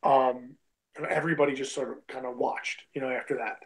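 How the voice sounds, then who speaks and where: Here the guest is a young man who wrestles on the independent circuit, and he's telling a story with plenty of "like," "bro," and "you know what I mean." His mid-range voice barely moves in pitch and he talks briskly. The audio quality is rough.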